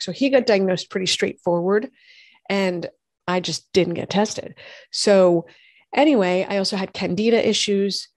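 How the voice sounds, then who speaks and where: A woman, a doctor and host telling her own health story in lively conversation, acting out what others said. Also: medium pitch, unhurried, dry recording, clean studio sound. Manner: animated storytelling, acts out quoted voices. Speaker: functional medicine gynecologist and podcast host.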